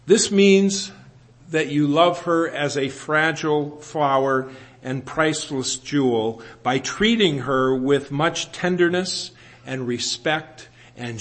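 A man in his sixties preaching a sermon in an earnest way, slowing down to stress scripture and adding gentle humor about himself. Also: a little high. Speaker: pastor.

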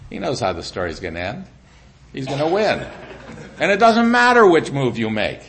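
A middle-aged man preaching a sermon in an animated way, dropping to a hushed voice when he speaks as God. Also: mid-range voice, moderate pace, slight background noise. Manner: animated preaching, drops to a quiet voice for God's lines. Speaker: pastor.

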